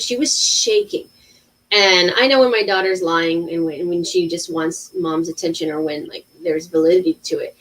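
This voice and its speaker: A woman in her thirties, an intuitive healer talking casually on a livestream, animated, with many restarts. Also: fairly low pitch, moderate pace, recorded from a distance, poor audio. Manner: animated storytelling with acted-out quotes and many restarts.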